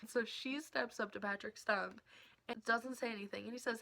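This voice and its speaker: A young woman tells an excited story straight to her camera at home, giggling often and slipping into whispers. Her voice is bright and sharp, sits a little high, and has a gravelly fry. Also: a little fast. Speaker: vlogger. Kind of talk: casual storytime.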